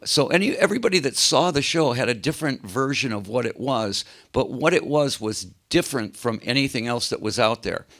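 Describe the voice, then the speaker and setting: Older male rock singer, gravelly, animated storyteller on a video call. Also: mid-range voice, brisk, few pauses. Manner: animated anecdotes, acts out quoted voices. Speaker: interview guest, rock singer. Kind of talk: casual storytelling interview.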